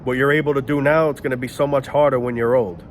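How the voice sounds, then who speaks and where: Fast and steady, a medium-pitched male voice rambles through a casual monologue outside near planes and traffic, over slight background noise. He frequently halts to search out loud for the right word.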